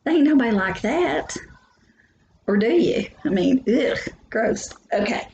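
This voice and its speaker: In a recorded lecture, a woman teaches biology in a chatty, joking style, speaking directly to her students. Her voice sits on the high side, animated and darkish, at a measured pace. The audio is dull, with an echoey room and a faint hum.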